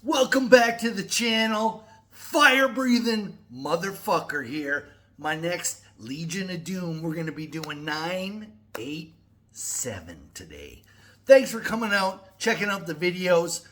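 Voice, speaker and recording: A man's voice: high-pitched, animated, slow pace, a bit bright. A middle-aged man ranting to camera on his own channel, profane and rambling. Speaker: metal music YouTuber. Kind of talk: casual to-camera vlog rant.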